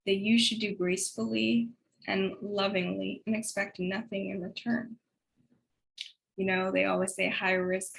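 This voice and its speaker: A woman giving a heartfelt spoken tribute in a conversational, reflective way, with a faith-based tone and soft laughs. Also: mid-range voice, poor audio.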